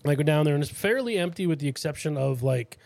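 A man's voice: fairly high pitch, animated, fast, creaky, darkish tone, no echo. A man, co-hosting a podcast and telling rambling stories in a casual chat, full of fillers, laughs and swearing. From Massachusetts, USA. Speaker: podcast co-host.

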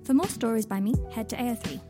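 A woman, the author, reading her own story aloud in a calm, even manner. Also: fairly high pitch, quick pace, over music. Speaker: author and reader. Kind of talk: storybook narration.

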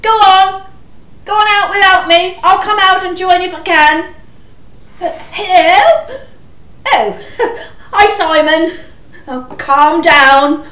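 A woman playing a frazzled, exasperated mother of many children in a panto, chatty and slow. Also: very high-pitched, fairly bright tone, full character voice. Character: frazzled harried mother in a shoe house. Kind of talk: amateur panto acting. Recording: echoey room.

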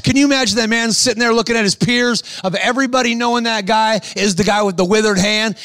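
A man's voice: high voice, no room sound. A man preaching a sermon, telling stories with acted-out voices and exhorting the crowd. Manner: animated storytelling, acts out quoted voices.

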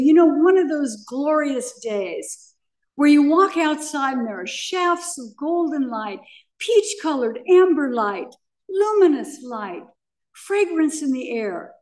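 An older woman with a high-sitting, darkish voice recounts her own recovery at a meeting, picked up from some distance away. Her testimony is dramatic and full of vivid repetition.

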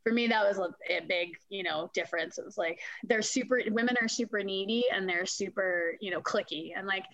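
A woman talks in an easy, casual way and is recorded dry and close, with no room sound. She tells her stories with energy and acts out the voices of the people she quotes. Her pitch sits in the middle of the range. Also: fairly quick, hardly any pauses, fairly bright tone, no echo, lo-fi sound. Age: adult parent. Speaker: corrections officer. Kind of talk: casual conversation.

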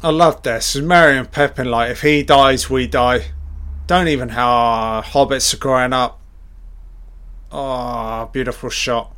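A man gives a live reaction commentary over a film, blurting out excited, profanity-laden remarks. His voice is smooth and clear, and he talks at an unhurried pace even when he gets worked up. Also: medium pitch.

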